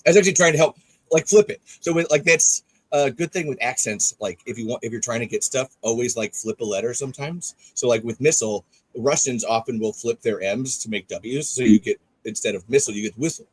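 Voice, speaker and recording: A man's voice: mid-range voice, fairly quick, husky, no echo, poor audio. A man chatting casually on a podcast, rambling and swearing freely. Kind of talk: casual chat.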